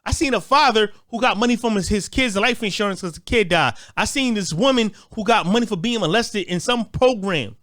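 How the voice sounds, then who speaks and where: A man rants in a high, fired-up voice, swearing freely and tripping over repeated words as he restarts his thoughts. The sound is dry and close, with no room around it. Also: expressive, a little fast, few pauses, a bit bright, no room sound. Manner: repetitive stammering restarts, heated. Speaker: commentator. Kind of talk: profane ranting commentary.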